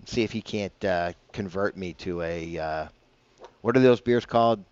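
A man's voice: deep voice, moderate pace, a little mellow, highs cut off. A man hosting a casual morning golf radio show, rambling and chatty with self-deprecating asides, on a broadcast mic. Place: broadcasting from a bar.

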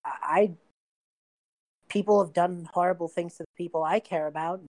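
Woman doing an earnest young prince, rambly, low-ish voice, dry close mic. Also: steady tone, normal speed, darkish tone, no echo, natural voice, poor audio. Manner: earnest, rambling, eager to please. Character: young male human prince, earnest peacemaker.

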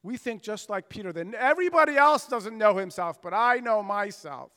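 A man delivers a sermon in a church sanctuary, his voice pitched high and his phrases swelling with emphasis. He acts out biblical speakers as he preaches. The sound rings with the long reverb of a large hall. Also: animated, normal speed, sharp tone. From United States. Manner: earnest preaching with emphatic swells and dramatized quotes. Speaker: pastor.

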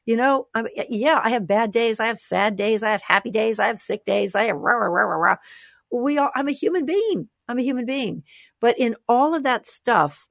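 A woman author talking as a guest in an interview, animated and expressive, sometimes playful. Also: on the high side, normal speed, dry recording, clean studio sound. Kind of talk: conversational interview.

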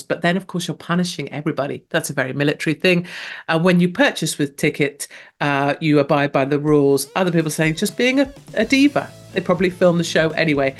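A woman hosting a talk show, chatting casually and enthusiastically and reading out listener comments. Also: sits low.

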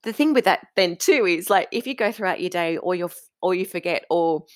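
A woman food coach appears as a guest in a casual podcast conversation, speaking in a lowish, expressive voice at a fairly quick clip with no echo. Her talk flows emphatically and is packed with "like" and "you know" fillers.

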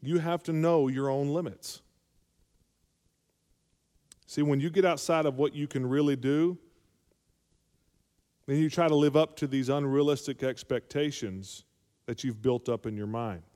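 A man's voice: mid-range voice, steady tone, measured pace, long pauses, dark tone. A male pastor preaching a sermon, calling for amens and rising to emphatic peaks. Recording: long hall reverb.

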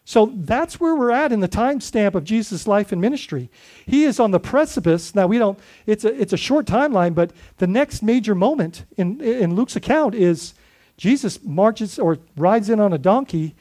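A man's voice: high-pitched, expressive, moderate pace, a little mellow. A man preaching a sermon as lead pastor, speaking conversationally and putting questions to his congregation.

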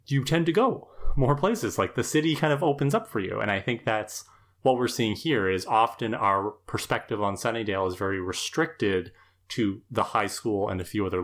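A podcast co-host giving thoughtful, measured commentary in casual chat. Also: mid-range voice. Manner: thoughtful, measured, uses fillers.

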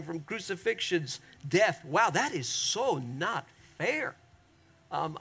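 A man preaching a sermon as pastor, earnest and emphatic, often turning to the congregation and slowing down hard on the key phrases. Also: high-pitched, creaky, fairly bright tone. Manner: slows down sharply on key phrases.

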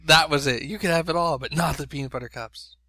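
A middle-aged man chatting casually as a podcast co-host, retelling things in an animated way with laughing asides. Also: on the high side, quick pace, no room sound, clean studio sound. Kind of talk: casual chat.

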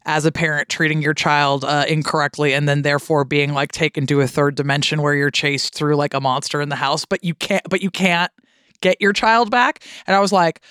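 Smooth-voiced rambling woman. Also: low-pitched, steady tone, fairly quick, fairly bright tone, no echo, clean studio sound. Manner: rambling, swears a lot, many fillers. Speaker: podcast guest. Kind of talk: casual podcast chat.

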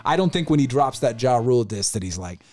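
Dude on a podcast breaking down rap beef, animated, says like a lot, faint music under it. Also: male voice, mid-range voice, fast. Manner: animated, opinionated, lots of fillers. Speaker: podcast co-host. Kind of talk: casual chat.

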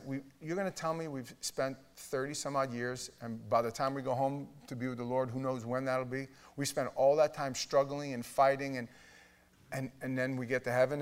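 A man in his fifties from New York preaches in a chatty, rambling storytelling style, full of restarts. His voice sits in an ordinary middle register and climbs into loud, shouted punchlines at the peaks of his stories. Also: mid-range voice. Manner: conversational, frequent restarts and fillers. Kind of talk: storytelling sermon.

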